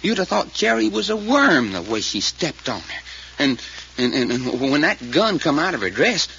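Man, folksy drawling witness,, animated, slightly high, old radio play, faint hiss. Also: normal speed, vocal fry, highs cut off, exaggerated voice. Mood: earnest. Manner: drawling, hesitant, plainspoken storyteller. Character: folksy rural male witness called Doc. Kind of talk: 1940s radio acting.

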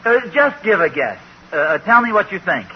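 Bumbling evasive husband, stammering, lively high voice, vintage radio hiss. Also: male voice, normal speed. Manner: hesitant, stammering, sheepish. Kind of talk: 1940s radio sitcom acting. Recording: dull, faintly hissy old radio recording.

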